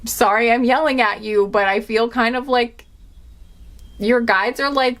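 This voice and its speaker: A woman giving a pick-a-card tarot reading, chatty and emphatic, with many fillers and quick apologies. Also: fairly high pitch, steady tone, a bit bright. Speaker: tarot reader.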